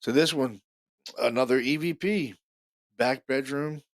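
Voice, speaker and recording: A man's voice: medium pitch, measured pace, no echo, studio quality. A man hosting a podcast, talking casually and eagerly about recorded evidence, repeating himself often. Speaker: podcast host.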